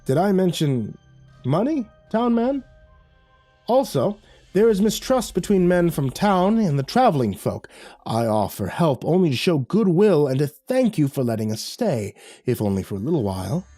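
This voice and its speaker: A man's voice: fairly high pitch, sing-song, moderate pace, dark tone, voice pushed up. A man voicing a towering, scarred, menacing stranger with a strange accent and a raised, falsely friendly voice. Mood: sly. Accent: strange foreign accent. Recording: faint music behind.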